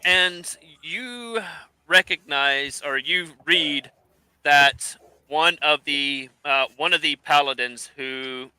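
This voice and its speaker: A man narrating a tabletop game as game master, halting and searching for words as he describes the scene. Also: fairly high pitch, bright, forceful tone, clear, resonant tone, dry recording, low-quality recording.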